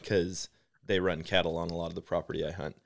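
A man with a very low, deep voice tells a story on a podcast mic, chatty and animated. He leans on "like" as a filler and keeps the telling casual. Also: fairly quick, vocal fry, background noise. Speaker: podcast host.

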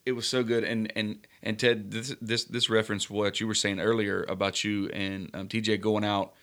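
A man co-hosts a casual podcast in a relaxed, agreeable way, often adding short affirmations. His voice sits on the low side. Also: moderate pace. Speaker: podcast co-host.

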